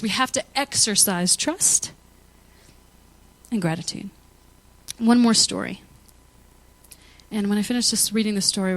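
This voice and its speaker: A woman pastor giving a conversational sermon full of personal stories, laughing often as she talks. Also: a little high. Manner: chatty, anecdotal, laughs often; animated storytelling with quoted asides.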